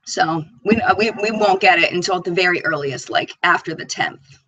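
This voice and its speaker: A woman's voice: fairly low pitch, normal speed, a bit bright, no echo, dull audio. A woman hosting a live makeup chat stream, bubbly and chatty, reading viewer comments aloud. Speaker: beauty channel host.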